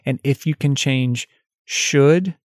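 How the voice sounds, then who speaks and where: A man's voice: mid-range voice, slow, no room sound, clean studio sound. A male life coach hosting a solo podcast, talking candidly and conversationally, laughing at himself and lifting his voice when he acts out example phrases.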